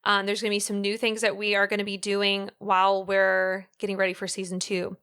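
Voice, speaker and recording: A woman co-hosting a podcast in casual chat, an animated storyteller who fills her talk with "um" and "like". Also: mid-range voice, fairly quick, smooth. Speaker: podcast co-host.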